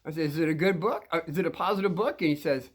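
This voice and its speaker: A man's voice: fairly high pitch, fast. A man in his sixties telling rambling stories to kids, restarting sentences often and chuckling between thoughts. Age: 60s. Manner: meandering, with frequent restarts and chuckles. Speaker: show host talking to kids. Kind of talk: rambling anecdotal storytelling.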